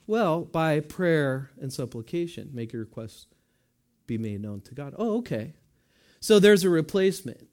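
A man with a high-pitched voice delivers a sermon in a chatty, conversational way. He throws questions to the congregation and answers himself in quick asides, like a pastor talking with his flock. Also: animated, darkish tone.

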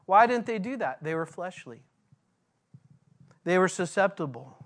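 Pastor guy teaching a bible passage verse by verse, earnest, reads the verses slow. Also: high voice, lively intonation. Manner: earnest, slows down to read scripture aloud.

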